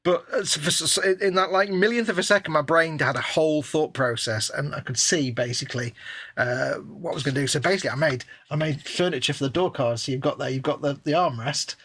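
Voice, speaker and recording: A man's voice: a little high, quick pace, a bit bright, slightly rough, dry recording. A man co-hosting a casual live stream, joking around and rambling through a story about his hobby work. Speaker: co-host.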